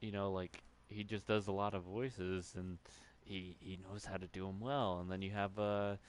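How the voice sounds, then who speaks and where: Low-voiced man rambling over gameplay. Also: flat delivery, moderate pace, clean tone. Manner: rambling, many fillers and restarts, swears when losing his train of thought. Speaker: gaming commentator. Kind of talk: casual gameplay commentary.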